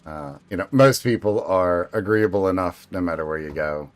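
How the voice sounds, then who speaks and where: A man's voice: low-pitched, normal speed. A man streaming a game, chatting casually in a rambling way, with lots of fillers and some swearing.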